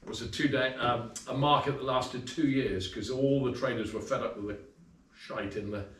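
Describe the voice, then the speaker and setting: A man with a slightly worn voice giving a relaxed, chatty talk about his business to a club in a pub function room. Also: mid-range voice, moderate pace. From England. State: voice a little worn from selling. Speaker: guest speaker, livestock auctioneer. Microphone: far camera. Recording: roomy, distant, faint room noise.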